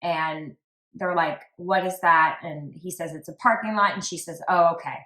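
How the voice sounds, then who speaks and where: Reading text messages aloud with a flat delivery and a stream of "like" asides, a woman hosts a true crime podcast in a relaxed, chatty way. Her pitch is fairly low, her pace moderate, and the room adds an echo.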